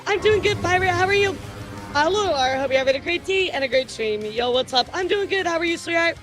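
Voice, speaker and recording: A woman streaming casual chat as a VTuber news host. She giggles often, talks in an animated way and swears casually. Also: high-pitched.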